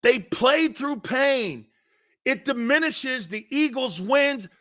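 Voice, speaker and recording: A man's voice: extremely high pitch, animated, slow, a bit bright. A man hosting a sports talk show, ranting in a sarcastic, mocking way. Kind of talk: opinionated sports talk rant.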